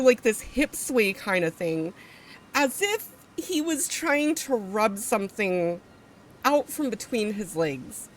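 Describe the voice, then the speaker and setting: A woman's voice: on the high side, a little hiss or hum. A woman streamer casually telling a story to her live chat, rambling with fillers, restarts and swearing.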